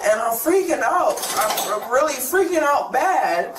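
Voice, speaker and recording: A panicked woman, near tears, pleading frantically and shouting over and over in a jail booking room, caught on an officer's body camera. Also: sits high, big pitch swings, a little slow, distant mic. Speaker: arrested driver. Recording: echoey room, off-mic, background noise.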